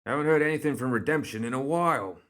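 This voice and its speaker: Guy doing a young carriage driver, wry, higher voice. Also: moderate pace, a bit bright, lightly acted.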